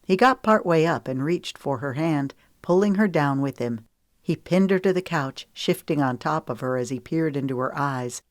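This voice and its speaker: Narrating an audiobook, this low-voiced woman keeps an even, deliberate pace. The sound is dry and intimate, free of any room ambience.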